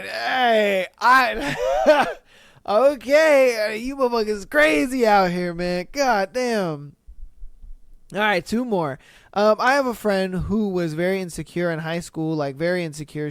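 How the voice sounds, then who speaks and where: Smooth-voiced man, incredulous podcast host. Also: high voice, no room sound, clean studio sound. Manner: animated, swearing, incredulous commentary. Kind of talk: casual solo podcast reading listener stories.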